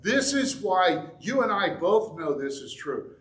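A man preaching a sermon, animated and acting out little examples as he goes. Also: high voice, unhurried. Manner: animated, acts out examples with shifts in loudness. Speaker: pastor. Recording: echoey room.

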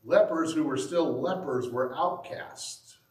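A pastor delivers a sermon in a slow, somewhat high, slightly mellow voice, telling the story conversationally and acting out the quotes. He stands away from the mic in an echoey room, so he sounds distant.

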